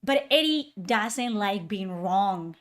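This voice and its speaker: A woman rants through a reaction video, sarcastic, incredulous and swearing constantly in exasperated commentary. Her voice is medium-pitched and animated, though she takes it slowly.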